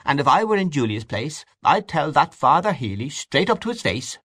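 A flustered old aunt, as a male narrator puts her on, her voice pushed high and lively as she exclaims. She sounds fussy and easily indignant. The sound is close and dry. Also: normal speed, breathy edge, dry recording, full character voice.

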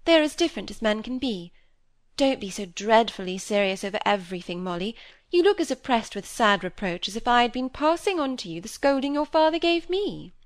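A woman voicing a lively, flippant young woman who talks in a breezy, dismissive way. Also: on the high side, brisk, dry recording, studio quality. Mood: light.

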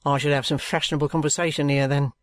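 A reader voicing a sulky, gruff young man who answers in curt, grumbling sentences. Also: mid-range voice, level tone, quick pace, dry recording, clean studio sound, lightly acted.

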